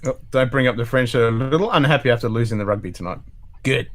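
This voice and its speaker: An Australian man at a middle pitch hosts a relaxed chat. He reads live poll results aloud and mostly answers with short, agreeable replies. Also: quick pace. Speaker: host. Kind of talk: casual chat.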